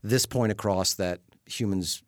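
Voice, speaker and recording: A man's voice: fairly low pitch, a little slow, no echo, clean studio sound. A male stand-up comedian with a Southern US accent, chatting casually and thinking aloud with restarts. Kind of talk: casual conversation.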